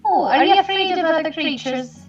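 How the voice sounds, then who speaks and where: Eager high-voiced woman, distant and roomy. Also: brisk, soft background music. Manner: kind, eager, chatty. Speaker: player. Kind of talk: tabletop game role-play. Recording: roomy, distant, dull sound.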